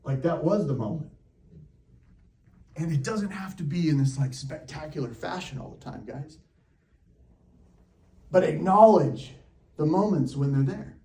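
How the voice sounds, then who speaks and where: Animated real estate coach in a roomy hall. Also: male voice, fairly high pitch, a little slow, pauses often, distant mic. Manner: animated, laughing, talks to the crowd. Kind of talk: storytelling to a live audience.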